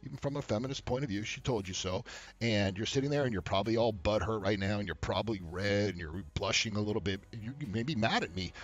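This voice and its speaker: A man hosting a casual advice rant to camera, blunt and profane, laughing often and mimicking people in high mocking voices. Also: fast, highs cut off. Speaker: dating advice host.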